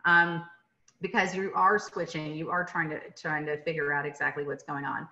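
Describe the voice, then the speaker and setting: Woman presenter from Atlanta, Georgia, on a webinar call. Bright, forceful voice, casual and filler-heavy. Lo-fi call sound. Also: deep voice, level tone, moderate pace. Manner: conversational, many fillers and tag questions. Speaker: literacy presenter. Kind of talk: webinar lecture. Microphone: video call. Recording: dull lo-fi webinar audio.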